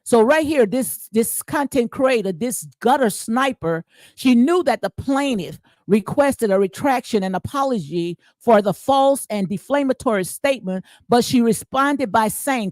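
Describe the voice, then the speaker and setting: A middle-aged woman running a commentary channel casually reads and reacts, emphatic and colloquial, with repeated phrases and an "okay?" tacked on in preacher-style cadence. Her voice is a little high and a little mellow, with lively intonation and a slightly slow pace, in a dry, studio-quality recording.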